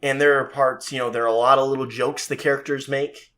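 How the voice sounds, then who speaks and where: A man's voice: medium pitch, little pitch movement, brisk, sharp tone. A man co-hosting a podcast, talking at length and defending his view with enthusiasm in casual chat. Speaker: podcast co-host.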